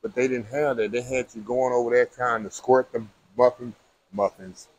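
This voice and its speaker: A man's voice: mid-range voice, flat delivery, moderate pace, low-quality recording. A middle-aged man, chatting casually to viewers as he walks around a cruise ship with a handheld camera. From Texas. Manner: chatty, addresses viewers as y'all. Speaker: food vlogger. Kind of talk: casual vlog narration. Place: aboard a cruise ship, walking the decks.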